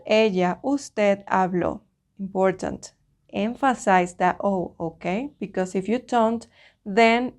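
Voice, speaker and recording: A woman's voice: mid-range voice, darkish tone. Patient woman teaching an online lesson. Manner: patient, explains step by step, often checks with "okay?". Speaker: Spanish teacher.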